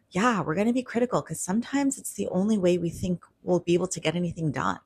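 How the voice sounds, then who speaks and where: A woman's voice: lowish voice, a little mellow, breathy edge. A woman couples counselor talking straight to her viewers in a casual, conversational way, acting out quoted lines from partners. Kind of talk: direct-to-camera explainer.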